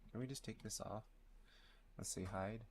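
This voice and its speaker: A man streaming live as a 3D artist, speaking low and quietly, thinking aloud and muttering numbers to himself as he works. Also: moderate pace, a little hiss or hum. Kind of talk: thinking aloud while working.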